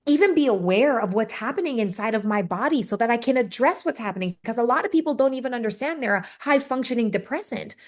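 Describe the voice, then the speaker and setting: A woman's voice: on the high side, fast talker, hardly any pauses. A woman from Canada, a podcast guest, talking candidly and emotionally about a hard stretch of her life. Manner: candid, emotional storytelling with lively swings. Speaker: podcast guest, speaker and entrepreneur. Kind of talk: casual interview talk.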